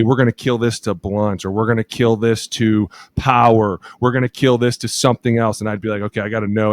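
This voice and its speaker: A man in his thirties, a podcast co-host telling lively locker-room stories, acting out quotes and laughing often. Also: lowish voice. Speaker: podcast co-host, former offensive lineman. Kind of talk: casual chat, animated storytelling.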